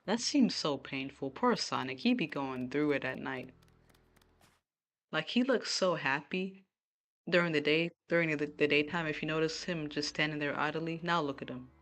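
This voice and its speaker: A low-pitched woman streams a game from a room at home. She chats casually and keeps talking to her viewers as she plays. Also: moderate pace, a bit bright. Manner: chatty, talking to chat while playing.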